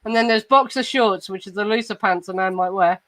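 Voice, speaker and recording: A woman's voice: medium pitch, a little fast, a bit bright, low-quality recording. Chatty Estuary English woman. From southern England. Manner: chatty, swears freely, trips over restarts. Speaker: podcast host. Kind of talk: casual chat.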